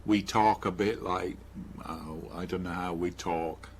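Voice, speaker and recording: A man's voice: deep voice, fairly even intonation, measured pace, a little hiss or hum. A man with a Gloucestershire English accent in a casual online discussion, easygoing and good-humoured. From Gloucester, England. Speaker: participant.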